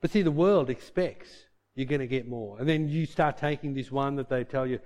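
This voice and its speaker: A man's voice: medium pitch, normal speed, hardly any pauses, a little mellow. A man preaching a sermon in a chatty style, acting out little dialogues as he goes. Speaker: pastor.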